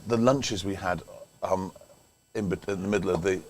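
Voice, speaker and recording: A man's voice: sits low, moderate pace, over a noisy crowd. An older man commentating on a local cricket match in a chatty, rambling way, full of anecdotes. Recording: faint background noise.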